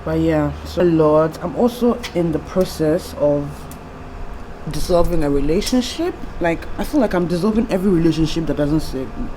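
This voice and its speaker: A woman's voice: sits low, moderate pace, dark tone, a little hiss or hum, rough recording. A young woman vlogging about personal struggles, candid and rambling, close to tears. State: tearful, trying not to cry. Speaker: YouTube vlogger. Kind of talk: personal confessional vlog.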